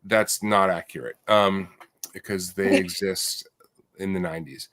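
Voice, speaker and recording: A man co-hosting a casual comic sales show, talking in a relaxed, hesitant way with many fillers. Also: low voice, measured pace, dry recording. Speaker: co-host. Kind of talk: casual chat about comic prices.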